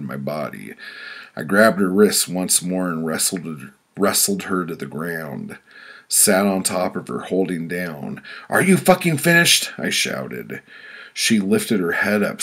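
A man reading his own story aloud in a deadpan, blunt manner, with sudden loud outbursts. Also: deep voice, creaky, breathy edge. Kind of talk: spoken-word storytelling.

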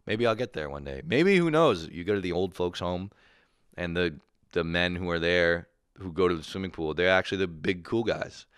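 Low-voiced man ranting comedically. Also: moderate pace, clear, resonant tone, no echo, studio quality. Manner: profane, animated storytelling with impressions. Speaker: comedian podcast host. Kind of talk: solo comedic rant.

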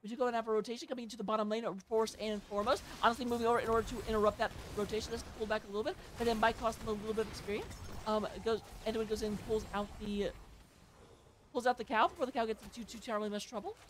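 Fast-talking woman casting an esports match. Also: on the high side, a little hiss or hum. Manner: chatty and excitable, with joking asides. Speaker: esports caster. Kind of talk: play-by-play game commentary.

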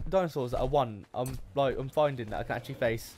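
A man's voice: medium pitch, lively intonation, fairly quick, a little mellow, a little hiss or hum. A man giving let's-play commentary, frustrated and swearing often as he plays, muttering to himself. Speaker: gaming YouTuber. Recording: game music playing behind. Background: game music.

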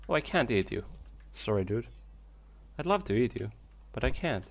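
A young man casually commenting on his gameplay, chatty and swearing, his voice hoarse from coughing. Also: mid-range voice, sing-song, normal speed, long pauses. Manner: chatty, swears, talks to creatures on screen. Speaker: let's play gamer. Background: game music.

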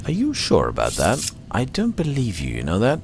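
A man's voice: mid-range voice, wildly swooping pitch, moderate pace, creaky, slight background noise. A man hosting a let's play, rambling to himself with mock anger as he plays. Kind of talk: casual gameplay commentary.

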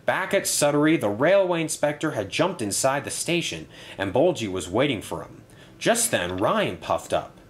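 A man narrating a toy-train story in a lively, expressive storybook style. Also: mid-range voice, normal speed.

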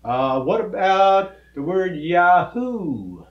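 A folksy cowboy telling corny jokes. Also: male voice, high-pitched, big pitch swings, slow pace, reverberant, lo-fi sound, heavily acted. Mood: friendly. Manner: folksy drawl, corny jokes, patient explaining. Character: folksy, good-natured cowboy teacher man. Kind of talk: children's comedy skit.

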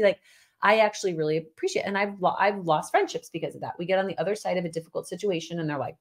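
A woman's voice: medium pitch, fast talker. A woman co-hosting a podcast, talking casually and emphatically with her husband, laughing often. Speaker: podcast co-host. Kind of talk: casual conversation with spouse.

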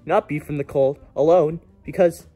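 A man's voice: fairly high pitch, fairly even intonation, normal speed, mellow, faint music behind, close to an everyday voice. A man voicing a rambling plush cowboy toy. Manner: rambling, stumbling over words. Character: goofy plush cowboy toy, gross-out joker.

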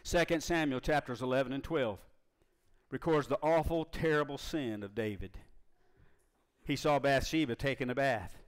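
A man preaching a sermon as pastor, drawing out scripture verses slowly for emphasis. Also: medium pitch, clean tone.

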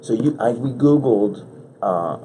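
A man hosting a podcast, chatting casually in a rambling, halting, joking way. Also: mid-range voice, animated, mellow, a little hiss or hum. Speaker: podcast host. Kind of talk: casual chat.

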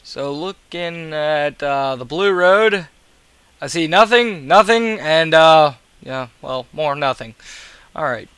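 A man's voice: on the high side, lively intonation, slow, a bit bright, clear, resonant tone, dry recording. Tired, grumbling gamer man. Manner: profane, grumbling, sarcastic. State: tired and yawning. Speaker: gaming video creator. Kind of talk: casual gameplay commentary.

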